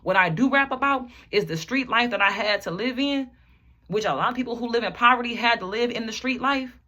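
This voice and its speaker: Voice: mid-range voice, sharp tone. A rapper telling a personal story to the camera, emotional and rambling, filling nearly every phrase with "like" and repeating lines. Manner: repeats phrases, at times rushed.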